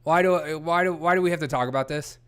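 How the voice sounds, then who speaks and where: Young man, livestream host, political commentary, casual and chatty, reads headlines, slightly high voice, smooth clear tone. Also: quick pace, a bit bright. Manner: chatty, reads headlines aloud, laughs often, greets chat viewers.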